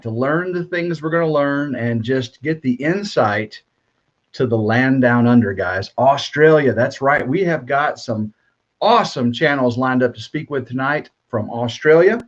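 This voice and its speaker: A man hosting a live stream, upbeat and welcoming as he greets viewers by name. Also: medium pitch. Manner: upbeat, welcoming, reads out names and comments. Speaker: livestream host. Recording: dull lo-fi stream audio.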